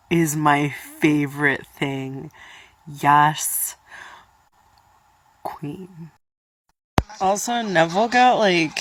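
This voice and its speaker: A woman in her twenties reacting emotionally to movies in a casual vlog, rambling and dropping whispered asides. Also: lowish voice. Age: 20s. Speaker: YouTuber.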